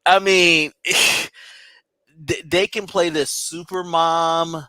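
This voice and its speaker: A man hosting a podcast, ranting in an animated, profane way, his voice climbing high when worked up. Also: extremely slow, no room sound. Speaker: podcast host. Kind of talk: heated podcast rant.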